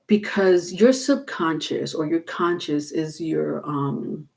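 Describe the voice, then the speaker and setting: Halting, rambling woman reading tarot. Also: low voice, gravelly, darkish tone. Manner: rambling, halting, many fillers and restarts. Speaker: tarot reader. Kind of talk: casual livestream tarot reading.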